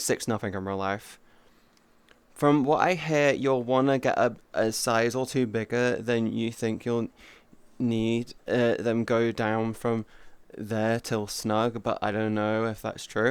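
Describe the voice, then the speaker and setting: Smooth-voiced young man chatting on stream. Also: medium pitch, measured pace, dry recording. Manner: animated, rambling and playful, with swearing. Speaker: VTuber streamer. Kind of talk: casual livestream chat. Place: indoors at home.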